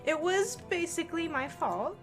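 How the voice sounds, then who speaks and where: A brash, bossy teenage troll girl from a game, loud and pushy, with a valley-girl tilt, as a woman puts her on. The voice sits high and bright and swings widely in pitch. She leans on every line. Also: big pitch swings, moderate pace, faint music behind. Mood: defensive.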